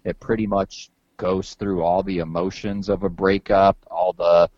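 Very deep-voiced rambling podcast host man. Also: flat delivery, measured pace, a little mellow, no room sound, highs cut off. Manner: rambling, loose and profane, heavy on "like" and repeated words. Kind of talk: casual chat.

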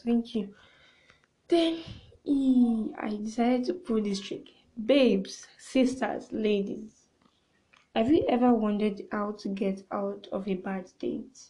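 A young woman hosting a podcast, chatting through a casual story in an expressive way and sometimes dropping into hushed asides. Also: a little high, rough recording. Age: young adult. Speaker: podcast host.

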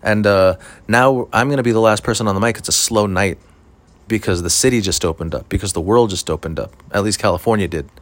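A man's voice: on the low side, quick pace, no echo. A man, a stand-up comedian, telling a story in a rambling, profane, casual way with lots of fillers.

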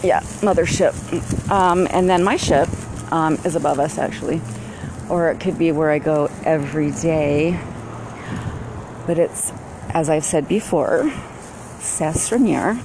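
A woman talking to camera at home in a meandering way, with drawn-out words and many fillers. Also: sits low, fairly even intonation, background noise. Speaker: vlogger. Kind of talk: rambling casual monologue. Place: at home, walking into her garage with dogs barking nearby.

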